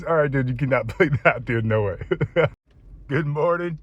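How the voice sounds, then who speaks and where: A man's voice: fairly high pitch, expressive, slow pace, muffled recording. A man in his thirties filming an off-the-cuff fitness vlog. He rambles and says "dude" a lot, and he is choked up. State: teary, choked up. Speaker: fitness vlogger.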